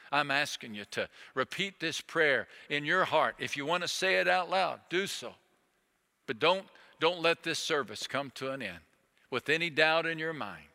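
A man preaching a sermon as pastor, earnest and pleading, slowing down to repeat key phrases. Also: on the high side, bright, forceful tone, big-room sound.

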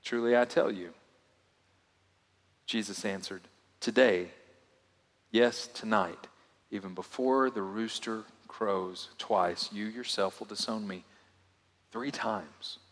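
A male pastor preaching a sermon, swinging from loud emphatic lines to hushed, quiet asides. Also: lowish voice, slow, pauses often. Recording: long hall reverb.

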